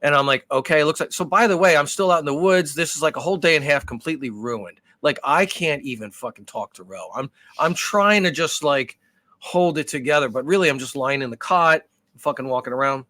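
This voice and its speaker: Podcast co-host, man, profane rambling storyteller, slightly high voice, dry close sound. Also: a little fast, no room sound. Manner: animated, profane, rambling with restarts. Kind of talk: casual storytelling.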